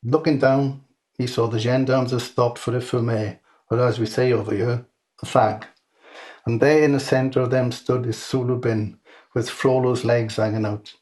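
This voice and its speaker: Man narrating a deadpan comic story. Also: mid-range voice, moderate pace. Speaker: author reading his own story.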